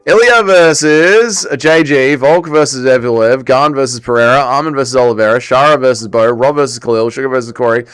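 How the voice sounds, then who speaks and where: A young Welsh man hosting a casual livestream watch-along, chatting excitedly with his viewers and calling the action. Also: medium pitch, fairly quick, few pauses, smooth. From Wales. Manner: excitable, chatty, reads chat aloud. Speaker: livestream host.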